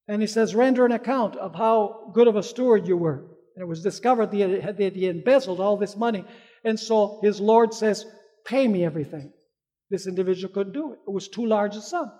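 A man's voice: high voice, a little fast, mellow. A man preaching a sermon. He asks the congregation questions, answers them himself, and acts out the people in a parable with changing voices. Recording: long reverb of a large hall.

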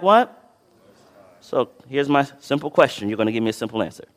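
A preacher delivering a sermon who reads scripture with dramatic swells and drops in volume and keeps asking the congregation to fill in the next word. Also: male voice, medium pitch, lively intonation, a little fast, pauses often. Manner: asks the congregation to fill in words, then answers himself. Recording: long reverb of a large hall.

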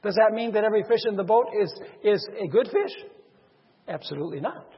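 Animated preacher in a reverberant hall. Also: male voice, sits high, a little fast, husky. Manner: animated, acts out parable characters with sudden loud and soft swings. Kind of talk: sermon. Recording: dull reverberant hall sound.

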